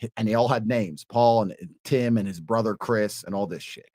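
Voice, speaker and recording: A man in his thirties, a podcast guest, telling a story with animated energy, swearing freely and acting out the people in it. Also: fairly low pitch, moderate pace, no echo. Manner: acts out quoted voices, swears freely.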